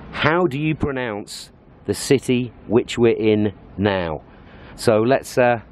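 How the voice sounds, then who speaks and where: A man's voice: medium pitch, a little hiss or hum. A British man talking casually to camera in a travel vlog, explaining things in a chatty way with lots of "uh" fillers. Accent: British English. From Britain. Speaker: travel vlogger. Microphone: handheld compact camera.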